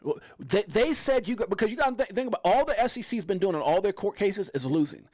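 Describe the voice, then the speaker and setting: Man, livestream host, high-pitched, excitable, rambling, dry close sound. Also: fast, dry recording. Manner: excitable, rambling, mocking asides. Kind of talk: casual livestream commentary.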